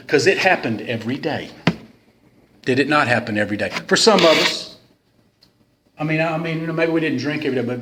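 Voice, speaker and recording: A man's voice: a little high, a bit bright. A man giving a rambling, joking, self-deprecating talk at a recovery meeting. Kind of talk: casual storytelling talk. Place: meeting room of a club. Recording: roomy hall sound with faint noise.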